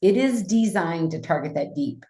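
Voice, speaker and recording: A woman's voice: on the low side, animated, moderate pace, mellow, echoey room. A woman hosting an online wellness class over a video call, explaining in an earnest, conversational way.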